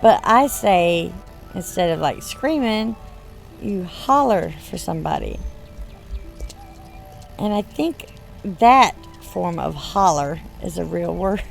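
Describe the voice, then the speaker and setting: A woman with a Southern US drawl talks slowly and with plenty of gravelly fry, in a fairly low voice. She rambles casually over her gameplay, often slipping laughs between her words. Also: lively intonation, soft background music. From born in Michigan, raised in the US South. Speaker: gaming channel host.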